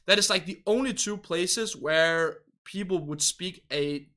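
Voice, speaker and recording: A young man, chatting casually with his livestream viewers. He rambles and hedges politely, often searching for words. His voice sits a bit high with a bright, forceful tone. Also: measured pace. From Denmark. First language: Danish. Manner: rambling, hesitant, polite hedging. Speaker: game livestreamer.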